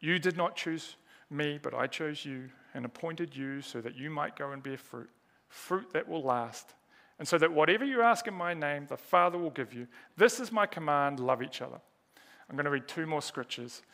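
A man's voice: fairly high pitch, lively intonation, normal speed, vocal fry, bright, forceful tone. A man preaching a sermon, earnest and emphatic, asking rhetorical questions and repeating key words.

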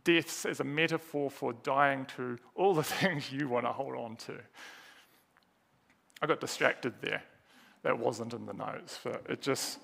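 A man's voice: mid-range voice, vocal fry, fairly bright tone. A man preaching a sermon, earnest and emphatic, asking rhetorical questions and repeating key words.

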